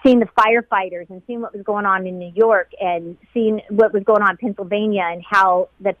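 A woman who was a flight attendant, being interviewed about a painful day. She talks in a halting, emotional way and often repeats herself. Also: mid-range voice, fairly even intonation, dry recording. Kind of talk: emotional personal recollection. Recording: dull lo-fi sound.

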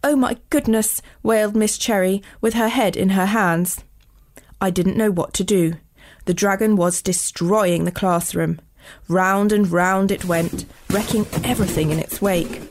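A woman, a children's author, reading her own storybook aloud with clear, expressive delivery. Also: fairly low pitch, unhurried.

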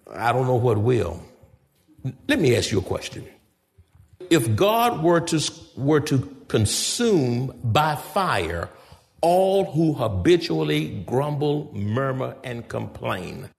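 A man's voice: mid-range voice, vocal fry. A man preaching a sermon as pastor, speaking emphatically, firing rhetorical questions at his congregation and speaking to them directly. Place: church sanctuary. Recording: echoey church hall reverb.

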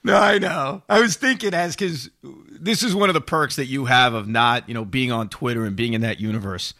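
A man co-hosting sports talk radio, with an excitable, building enthusiasm. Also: mid-range voice, normal speed, no echo, clean studio sound.

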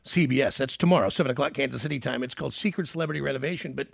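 A man's voice: mid-range voice, racing, gravelly, no room sound, studio quality. A man hosting a radio show, chatting earnestly and laughing easily with a guest. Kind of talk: casual radio interview.

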